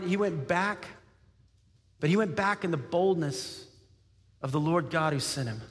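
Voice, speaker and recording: Pastor, male, from Texas, high-pitched, lively conversational sermon delivery, reverberant hall sound. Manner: animated, conversational preaching with frequent asides.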